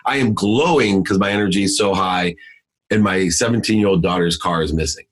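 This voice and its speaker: A middle-aged man, a podcast guest, telling a motivational story in an intense, emphatic way that swings between loud and hushed. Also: low voice, fairly quick.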